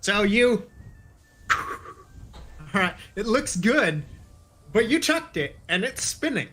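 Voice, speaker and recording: A man's voice: high voice, very animated, slow, background noise. A man running a tabletop game as game master, giggling often and describing injuries vividly.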